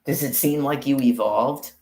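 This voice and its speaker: Man vlogger, gravelly voice, profane rambling monologue, echoey recording. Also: mid-range voice, normal speed, a little mellow. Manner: profane, rambling, addresses viewers by name. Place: outdoors on a walk.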